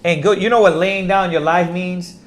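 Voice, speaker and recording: A man's voice: sits high, steady tone, moderate pace. A man teaching scripture to a class, emphatic and repetitive, firing off rhetorical questions. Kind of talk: preaching in a class.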